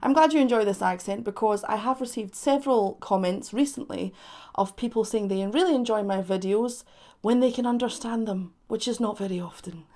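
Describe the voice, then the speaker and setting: A woman's voice: mid-range voice, darkish tone. A woman, a soul singer hosting a playful music reaction vlog. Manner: playful, jokey, speaks deliberately slowly.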